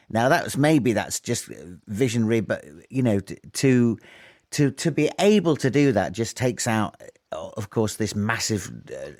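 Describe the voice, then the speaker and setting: A man's voice: on the low side, darkish tone, dry recording, studio quality. A man giving his thoughts on a radio football show, rambling and restarting as he thinks aloud. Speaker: studio pundit.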